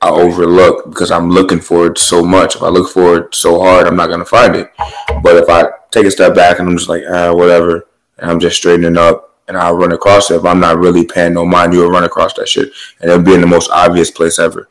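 A man's voice: deep voice, completely flat delivery, fairly quick, poor audio. A man cohosting a podcast, musing in laid-back, rambling casual chat.

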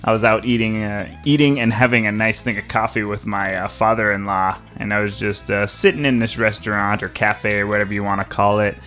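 A man's voice: on the low side, fairly even intonation, brisk, few pauses, pushed and bright, soft background music. A young man hosting a podcast, chatting casually, rambling through stories and laughing often. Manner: laid-back, laughs often, rambling storytelling. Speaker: podcast host. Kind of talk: casual banter.

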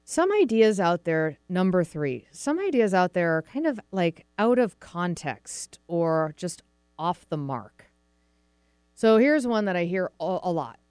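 Chatty woman host, smooth, close and dry. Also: on the low side, sing-song, unhurried, a little mellow, no room sound. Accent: American Pacific Northwest. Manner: chatty, acts out quoted voices of dogs and owners. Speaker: podcast host, dog trainer. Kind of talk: casual explanatory talk.

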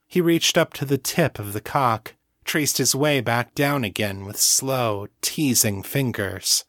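Slow, measured male narrator. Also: mid-range voice, fairly bright tone, no room sound, clean studio sound. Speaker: audiobook narrator. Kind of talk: scripted narration.

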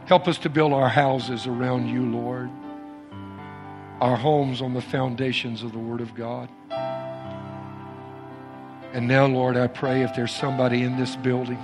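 A man in the middle of a sermon, preaching with emphatic, repeated lines and then moving into prayer, at an average pitch. Instrumental music plays clearly behind his voice in the church. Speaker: pastor. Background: soft instrumental music.

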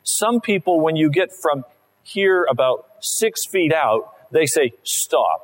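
A man's voice: fairly high pitch, animated, takes it slowly, poor audio. A male pastor delivering a conversational sermon and acting out little everyday scenes.

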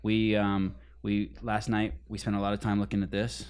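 A man's voice: on the low side, monotone, normal speed, darkish tone, clean tone. A man hosting a podcast, telling long, swearing, rambling stories in casual chat. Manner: profane, rambling storyteller. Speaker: podcast host.

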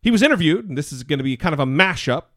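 Animated, sarcastic male podcast host. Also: on the high side, racing, no room sound, clean studio sound. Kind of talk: casual political commentary.

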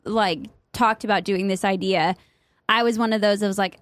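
A woman's voice: medium pitch, animated, brisk, no room sound. A young woman co-hosting a casual podcast, chatty and full of fillers and laughs. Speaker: podcast co-host. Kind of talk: casual chat.

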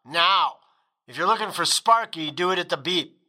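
A cocky young man delivers a curt, snarky machine greeting, as a man plays him. His voice is very bright. The lines come out clipped. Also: high-pitched, lively intonation, moderate pace, heavily acted.

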